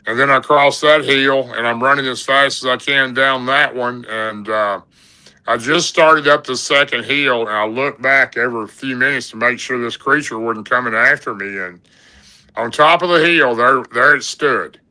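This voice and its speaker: Folksy man, very bright voice. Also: mid-range voice, normal speed, poor audio. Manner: rambling, folksy, lots of "and, uh". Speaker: podcast guest telling an encounter story. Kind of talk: casual storytelling.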